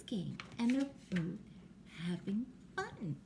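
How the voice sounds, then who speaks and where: Brief: older female storyteller, bedtime reading, unhurried and very lively in pitch. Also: a little hiss or hum. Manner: slow, gentle, explaining to small children. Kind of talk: bedtime picture-book reading.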